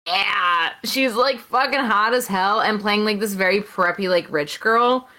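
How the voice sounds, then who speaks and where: Bright-voiced woman in casual chat. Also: mid-range voice, unhurried. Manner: candid, excitable, swears freely. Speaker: podcast co-host.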